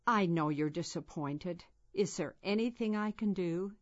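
Woman voicing a storybook mother, calm, soft, kind, slow delivery. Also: fairly low pitch, natural voice. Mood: gentle. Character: patient, caring mother of two. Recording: dull lo-fi recording.

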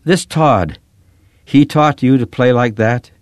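A man playing a bitter, grieving father who answers in curt, gruff lines. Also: mid-range voice, slow, no echo, studio quality, voice pushed up, close to an everyday voice. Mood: softened. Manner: curt, gruff, softening to quiet.

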